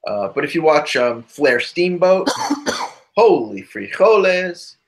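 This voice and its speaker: A man's voice: fairly high pitch, expressive, takes it slowly. A man co-hosting a podcast who drifts into asides as he talks. His delivery is loose, casual and rambling. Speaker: podcast co-host. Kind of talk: casual chat.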